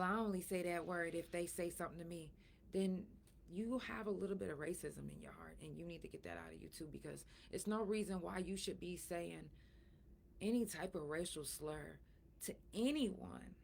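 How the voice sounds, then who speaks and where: A middle-aged woman hosting her own podcast, talking frankly and emphatically, sore and breathy at times from a recent surgery. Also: fairly low pitch, moderate pace, darkish tone, slight background noise. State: in pain after surgery, soft and breathy at times. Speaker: podcast host. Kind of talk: casual solo talk.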